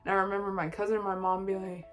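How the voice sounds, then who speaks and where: A young woman talks straight to the camera in a relaxed, chatty storytime voice, her pitch sitting in an ordinary middle range. She jumps into livelier, higher bursts whenever she quotes someone. Faint music runs quietly behind her. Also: very fast. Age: young adult. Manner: animated, quoting others in lively bursts. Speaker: vlogger. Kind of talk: casual storytime.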